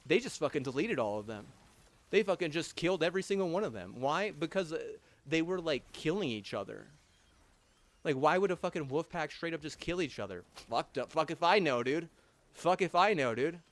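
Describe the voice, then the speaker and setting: Profane ranting young man, higher voice. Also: no echo. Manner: angry, heavy swearing, halting restarts and fillers. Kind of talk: profane rambling rant.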